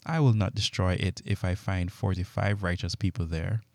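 A calm, assured divine voice grants each request, as a man reads it. Low and dark in tone, recorded close and dry. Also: moderate pace, no room sound.

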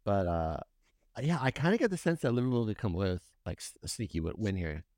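A man's voice: fairly low pitch, very animated, brisk, darkish tone, no room sound, studio quality. A man hosting a casual soccer podcast, steering the chat and putting questions to his co-hosts. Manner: leads the talk, asks the others questions. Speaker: podcast host.

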